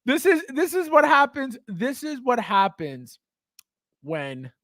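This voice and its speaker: A man hosting a casual livestream, reading viewer comments and talking straight to his chat, excitable and quick to laugh. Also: extremely high pitch, no room sound, studio quality. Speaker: livestream host and toy collector.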